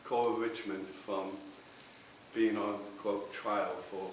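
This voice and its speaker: A reverend giving an earnest spiritualist sermon with personal testimony, often checking in with the congregation. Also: male voice, lowish voice, level tone, slow pace. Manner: earnest, tag questions with okay. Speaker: reverend speaking at a spiritualist church. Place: church hall. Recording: very echoey hall, distant mic, faint hiss.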